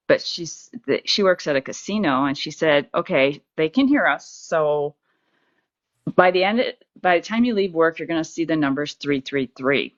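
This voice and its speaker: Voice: medium pitch, moderate pace, fairly bright tone, dry recording. Dull-sounding caller telling a story. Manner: conversational storytelling, a few stammers. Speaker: caller getting a reading.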